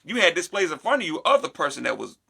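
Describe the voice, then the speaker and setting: Bright, creaky-voiced man talking animatedly. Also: fairly high pitch, quick pace. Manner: animated, acts out quoted voices. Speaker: podcast co-host. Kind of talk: casual podcast chat.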